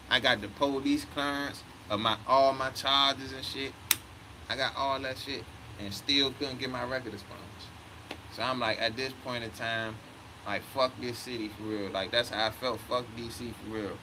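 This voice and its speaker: A man's voice: mid-range voice, fairly even intonation, normal speed, background noise. A man in his thirties telling a story in a heated, profane way, often quoting himself. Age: 30s. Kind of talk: casual storytelling rant.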